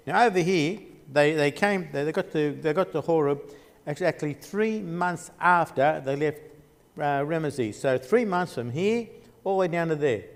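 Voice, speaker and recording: A fairly high-voiced man teaches a Bible geography class. He rambles and restarts as he traces places on a map. The sound carries a long church-hall reverb.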